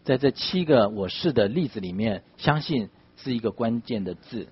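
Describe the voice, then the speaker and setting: A man interpreting a sermon phrase by phrase, rendering each line quickly after the preacher. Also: medium pitch, expressive, breathy edge, muffled recording.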